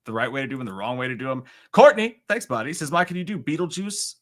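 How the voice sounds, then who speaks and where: A man in his thirties chats alone on a home livestream and reads viewer comments aloud. He rambles and pokes fun at himself, jumping between loud outbursts and quiet asides. His voice sits in an ordinary middle pitch and comes across bright and forceful. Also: animated, very fast. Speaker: livestream host. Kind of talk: solo livestream chat reading viewer comments.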